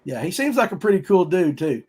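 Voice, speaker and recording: A man's voice: sits high, sing-song, a little fast, a little mellow, breathy edge. Folksy man hosting a podcast. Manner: folksy, rambling, upbeat. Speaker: podcast host. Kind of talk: casual fishing podcast chat.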